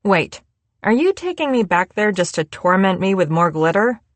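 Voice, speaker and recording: A woman voicing a giddy, tipsy young adult chef in an audiobook, talking in a playful, animated way. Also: mid-range voice, moderate pace, dry recording, close to an everyday voice.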